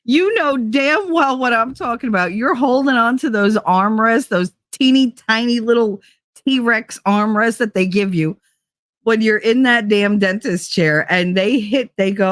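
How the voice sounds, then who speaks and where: A woman's voice: fairly high pitch, measured pace, fairly bright tone, no echo, studio quality. A woman host, chatting casually with her live chat, bawdy and prone to giggling fits. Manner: giggly, frequent laughing fits, bawdy and loose. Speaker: livestream host reading chat.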